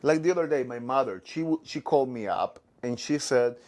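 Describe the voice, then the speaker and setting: Halting man telling stand-up jokes. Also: medium pitch, darkish tone. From Latino background. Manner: halting, many restarts and fillers. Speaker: comedian guest. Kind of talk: casual chat and stand-up set.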